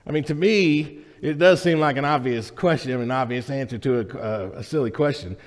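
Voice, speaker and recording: A pastor delivers a sermon with jokes and a conversational tone, often checking in with his congregation. He speaks at a moderate pace and medium pitch, and the church sanctuary's hall reverberates.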